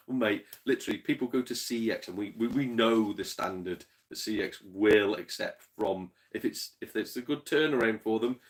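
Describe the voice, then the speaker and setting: A man's voice: fairly low pitch, fairly bright tone. A man chatting casually to livestream viewers, rambling, swearing freely and chuckling between rants. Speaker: game collector streamer.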